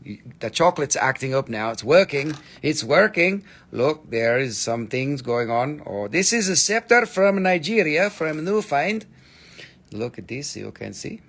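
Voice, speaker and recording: An American man hosts a casual live-stream crystal sale, joking, swearing, and rambling while he shows off the stones. His voice is a little high, gravelly, fairly bright, and slightly rough, very animated but at a measured pace.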